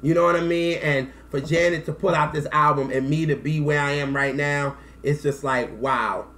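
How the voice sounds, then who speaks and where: A man in his thirties telling a personal story to camera in a casual, animated way, acting out quotes and close to tears. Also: a little high, normal speed. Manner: animated, acts out quotes, slangy. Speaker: music vlogger.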